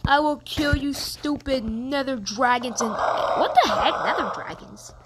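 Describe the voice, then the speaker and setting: A high-voiced woman narrating her game with excitable shrieks and curses. She talks at an unhurried pace between outbursts. The recording is noisy, with clicks behind her. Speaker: gamer. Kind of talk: game commentary.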